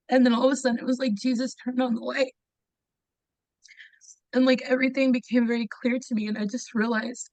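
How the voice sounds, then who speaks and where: A woman's voice: on the high side, steady tone, fairly quick, no room sound, low-quality recording. A woman in her thirties earnestly telling a personal testimony, often saying "like" and acting out the voices she quotes. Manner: earnest, acts out quoted voices, frequent "like" fillers. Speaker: guest sharing her testimony.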